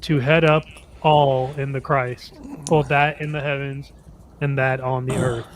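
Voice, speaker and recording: A man reads a devotional passage at an unhurried pace, keeping his pitch steady and even. His delivery is gentle and measured. A clear hiss of background noise runs under the voice. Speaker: reader of a devotional text. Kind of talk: slow careful devotional reading.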